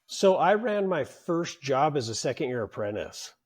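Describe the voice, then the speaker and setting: A man guesting on a podcast, telling work stories in a casual, animated way, acting out the people he quotes and swearing freely. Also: a little high, moderate pace, husky. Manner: animated storyteller who acts out quoted bosses, swears freely. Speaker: podcast guest, union leader. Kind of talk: casual interview storytelling.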